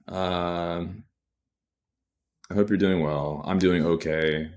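Deep-voiced, rambling comedian man. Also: steady tone, takes it slowly, darkish tone. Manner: rambling, self-deprecating, swears freely. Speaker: stand-up comedian. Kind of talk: candid solo video podcast monologue.

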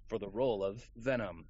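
A man's voice: medium pitch, darkish tone, slightly rough, no echo, highs cut off. A man from Houston, Texas, a voice actor guest in a casual interview, talking in an easygoing, rambling way with plenty of fillers.

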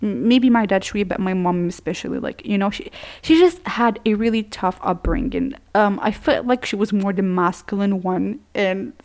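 A woman's voice: medium pitch, normal speed, a little mellow. A young woman, telling a personal story in a rambling, profane way while she plays a game. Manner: rambling, profane, full of fillers. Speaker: gaming streamer. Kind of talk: casual storytelling over gameplay.

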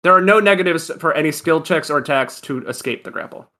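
A man's voice: a little high, fast, sharp tone, slight background noise. A man playing a tabletop game, explaining rules and laughing at his own turn. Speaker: player. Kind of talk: casual tabletop game play.

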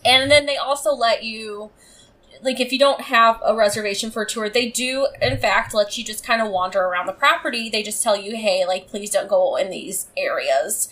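A woman's voice: a little high, brisk, sharp tone. Woman co-host, resonant voice, rambling self-deprecating storyteller, casual. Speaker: podcast co-host. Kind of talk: casual chat.

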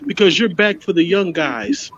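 Man, very high voice, heated profane rant, dull lo-fi recording. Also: moderate pace, fairly bright tone. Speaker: podcast co-host. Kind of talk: ranting address to a wrestler.

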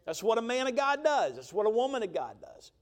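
A man preaching a sermon, telling a story with lively emphasis and often checking in with the crowd. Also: extremely high pitch, brisk. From Georgia. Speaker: pastor.

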